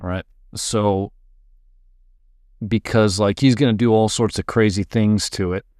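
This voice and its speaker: A man casually teaching music production, thinking aloud while he works and muttering at his software. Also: fairly low pitch, fairly even intonation, a little slow, no echo, clean studio sound. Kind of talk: casual screen-recorded tutorial.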